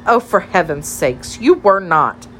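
A woman's voice: fairly low pitch, expressive, unhurried, a bit bright, slight background noise, low-quality recording. A woman reading an audiobook, voicing a bubbly, teasing teenage girl who chatters playfully and pushes her shy friend.

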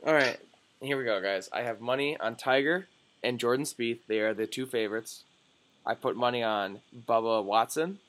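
A young man co-hosting a casual sports podcast, excitable and jokey, swearing often. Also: mid-range voice, normal speed. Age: young adult. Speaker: podcast co-host.

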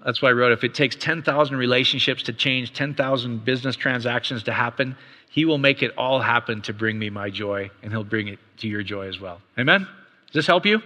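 Middle-aged male pastor, bright and forceful, casual preaching style peppered with rhetorical questions, ringing hall reverb. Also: medium pitch. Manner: conversational preaching, quick asides and rhetorical questions. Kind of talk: sermon.

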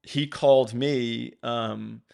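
Fervent gravelly man on a faith podcast. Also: medium pitch, slow pace. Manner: fervent, rising to excited emphasis. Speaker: podcast co-host.

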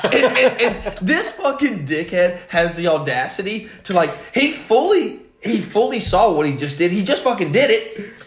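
A man's voice: high-pitched, sing-song, moderate pace. A young man hosting a podcast, telling a story in profane, casual chat and laughing often. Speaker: podcast host. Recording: echoey room.

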